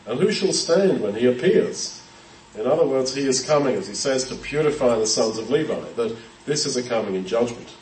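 A man's voice: medium pitch, lively intonation, fairly quick, a little mellow, slight background noise. A man giving a conversational Bible-teaching sermon, thinking aloud with frequent fillers and restarts. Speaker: preacher. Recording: roomy sound from a distance.

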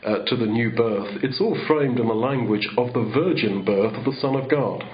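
A man preaching in a loose, conversational sermon, restarting and circling back on his words. His voice sits at a middling pitch, and the recording sounds a little dull and lo-fi. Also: normal speed. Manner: rambling, conversational, many restarts.

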